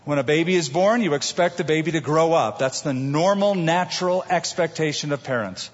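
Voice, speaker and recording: Pastor, male, slightly high and breathy voice, lively homespun sermon delivery, dull recording with long hall reverb. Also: fairly quick. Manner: animated storytelling with homey examples.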